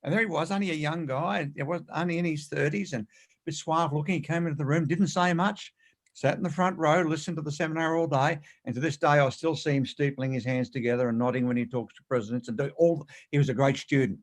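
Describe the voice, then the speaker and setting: Male author, rapid storyteller, emphatic, interview guest. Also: on the high side. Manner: animated anecdotes, quick and emphatic.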